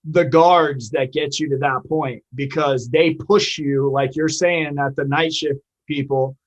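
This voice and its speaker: Host, man, slightly high voice, easygoing and profane. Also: fairly even intonation, unhurried, muffled recording. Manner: laid-back, profane questions. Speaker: interview host. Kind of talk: casual interview.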